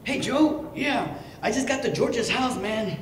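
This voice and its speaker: A man playing a panicky guy calling his friend, excited and high-strung. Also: a little slow. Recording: echoey hall with ambient noise.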